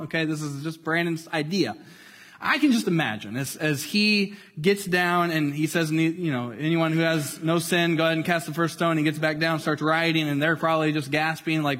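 A man preaching a sermon, retelling a scripture story in a casual, animated way and dropping to near-quiet at dramatic moments. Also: fairly high pitch, in a large hall. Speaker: pastor.

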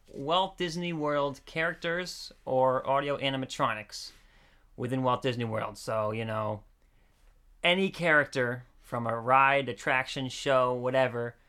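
A man's voice: mid-range voice, bright, forceful tone, clear, resonant tone. A man hosting a casual podcast chat, talking loosely, laughing often and tripping over repeated words. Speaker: podcast host.

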